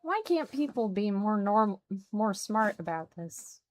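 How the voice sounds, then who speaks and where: A woman streams a game, chatting casually and exclaiming as she reacts aloud in typical let's-play fashion. Her mid-range voice swings widely in pitch, and she talks a little slowly.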